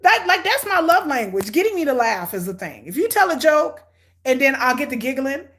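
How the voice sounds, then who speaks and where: A middle-aged woman giving blunt, sarcastic, animated commentary on a reality show she is watching. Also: sits high, a little fast, slight background noise. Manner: hyperactive and energetic. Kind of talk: casual live watch-along commentary.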